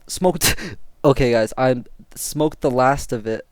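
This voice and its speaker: Young guy vlogging a storytime, smooth clear voice, dry close mic, slangy and swearing, gets all worked up. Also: medium pitch, takes it slowly, no room sound. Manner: excitable, slangy, swears freely. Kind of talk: casual storytelling to camera.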